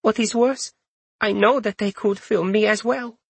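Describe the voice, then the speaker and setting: A man voicing a kind, elderly female sprite in a high, thin voice for an audiobook. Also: unhurried, bright, forceful tone, breathy edge, no room sound, heavily acted. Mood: shaken.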